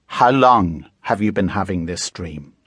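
A man's voice: low voice, lively intonation, measured pace, a bit bright, slightly rough, no room sound, clean studio sound, pitched below the performer's own voice, heavily acted. A man reading aloud voices a skeptical young schoolgirl who is nervous and sarcastic. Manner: sarcastic, incredulous.

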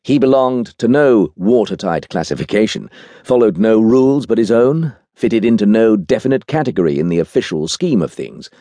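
A man reading an audiobook aloud, telling the story in an expressive, wry way. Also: lowish voice, moderate pace, no echo. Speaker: audiobook narrator. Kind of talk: scripted audiobook narration.

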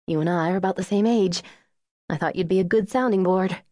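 A woman's voice: on the low side, fairly quick, warm tone, no room sound, clean studio sound, pitched above the performer's own voice, natural voice. A woman narrator voicing a grieving young Southern society wife with a Southern accent, quavering and tearful.

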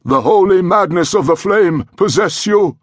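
A man voicing a grandiose male cult priest who intones slowly in a ringing voice. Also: sits high, lively intonation, no room sound, clean studio sound, pitched above the performer's own voice. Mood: solemn intoning. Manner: slow, ringing incantation.

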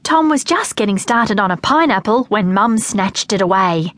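Lively and expressive, a woman narrates a children's audiobook with no echo on the recording. She speaks at an ordinary pace in a mid-range voice.

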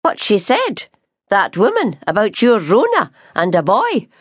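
A bossy, nagging Scottish sister, as a woman reader plays her, pitched up high and pushing hard. Her sharp demands jump about in a lively way, close and dry. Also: unhurried, breathy edge, no room sound, full character voice. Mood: demanding.

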